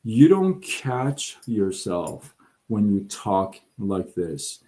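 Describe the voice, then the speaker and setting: A man's voice: on the low side, big pitch swings, drawn-out words, dark tone, a little hiss or hum. A middle-aged man hosting a live show, giving blunt, emphatic advice to viewers and acting out what people say, stumbling over words now and then. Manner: blunt and emphatic, acts out quotes, stammers on words. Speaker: host of a live side-income show. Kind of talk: direct motivational talk to viewers.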